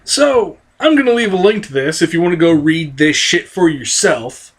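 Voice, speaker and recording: A fired-up vlogger ranting to camera with a lively, swooping delivery. The speaker drops to low, sour mutters and then cracks upward into shouts. The voice sounds strained and close to giving out, and almost every sentence carries a curse. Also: moderate pace, husky. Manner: heated, profane, swinging from low mutters to high outbursts. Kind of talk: angry political rant to camera.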